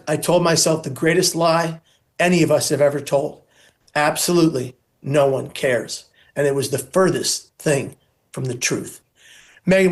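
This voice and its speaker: A man speaking as an interview guest on suicide prevention, earnest and emphatic, stacking points into insistent lists. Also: fairly high pitch.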